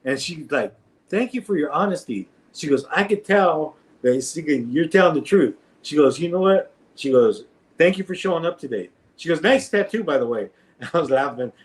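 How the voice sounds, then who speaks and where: A man's voice: a little high, moderate pace. A man telling a street story in casual conversation, often laughing and acting out the voices of others. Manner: animated, laughing, acts out voices in anecdotes. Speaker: guest storyteller.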